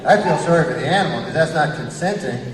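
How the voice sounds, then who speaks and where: A man's voice: fairly high pitch, expressive, fast talker, heavy background noise. A man doing a stand-up set, rambling and profane and laughing at his own jokes. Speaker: stand-up comedian. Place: comedy club stage before a live audience. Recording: echoey live room from far off with loud crowd.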